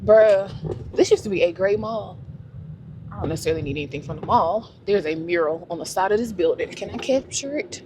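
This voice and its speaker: A woman's voice: lowish voice, animated, a little fast, background noise. A woman chatting to her camera while she drives, talking to herself and laughing easily. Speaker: vlogger. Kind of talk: casual vlog chat. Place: in a car, driving.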